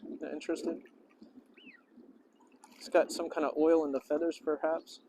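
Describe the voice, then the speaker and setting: A man's voice: little pitch movement, normal speed, dark tone, slight background noise, low-quality recording. A man vlogging outdoors at a lakeside park. He chats casually and playfully and keeps greeting the birds in a raised voice, with faint honking of geese behind him. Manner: chatty and playful, often talks to the birds in a high voice. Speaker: vlogger and English teacher host. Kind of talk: casual outdoor vlog narration. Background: geese and ducks honking faintly.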